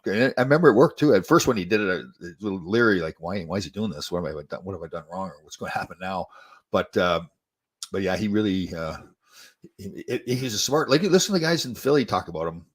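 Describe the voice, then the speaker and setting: An older man, once a hockey player and now a host, tells stories in a loose, rambling way, restarting his sentences and chuckling. His voice sits low and a little husky, and the words tumble out quickly. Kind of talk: casual storytelling chat.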